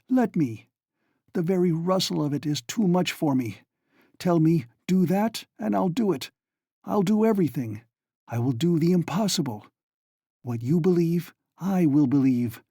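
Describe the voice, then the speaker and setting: An obsessive older nobleman, read by a male narrator, presses his case in urgent, pleading tones. The voice is warm and dark, recorded dry and close. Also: fairly high pitch, husky, dry recording, pitched above the performer's own voice, heavily acted. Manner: urgent, pleading, sometimes hushed.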